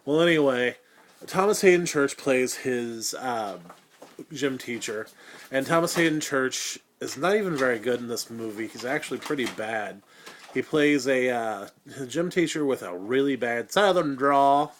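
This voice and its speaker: A man's voice: medium pitch, animated, measured pace, slight background noise. A man in his thirties hosting a casual horror movie review, crude and sarcastic, rambling with lots of fillers. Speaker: host.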